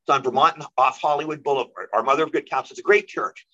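Fast-talking animated male storyteller. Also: on the high side, lo-fi sound. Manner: animated, rapid storyteller who acts out quoted voices. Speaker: guest actor. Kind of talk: storytelling interview.

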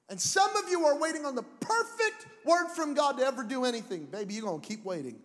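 A man preaching a sermon as a pastor, animated and joking, slipping in put-on voices. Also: extremely high pitch, fairly quick, hardly any pauses. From Mexican heritage. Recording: echoey hall with long reverb.

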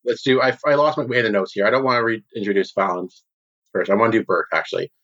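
A man's voice: on the low side, fast talker, fairly bright tone. A man narrating a tabletop game as game master, casual and full of fillers. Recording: dull lo-fi sound.

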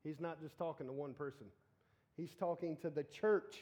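A man preaching a casual sermon, animated and joking as he talks straight to the congregation. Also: fairly high pitch, normal speed.

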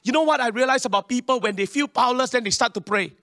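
A man preaches to his congregation in a high, bright voice. He swings between loud declarations and quiet asides. The sound is close and dry. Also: quick pace, dry recording. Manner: animated preaching, calls to the congregation. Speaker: pastor. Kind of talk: sermon.

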